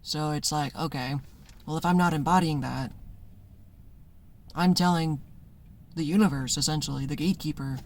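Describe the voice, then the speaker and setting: A man's voice: on the high side, normal speed, pauses often. A man casually talking to camera from his notes, rambling and conversational, acting out little voices in his stories. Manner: acts out voices in anecdotes, laughs often. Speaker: spiritual content creator. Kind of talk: casual monologue.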